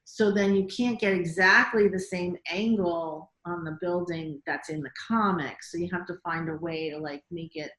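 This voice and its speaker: Animated woman guest director, bright-toned, chatty, roomy sound. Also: lowish voice. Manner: animated, quick, many "like"s and quoted reactions. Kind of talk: casual interview storytelling.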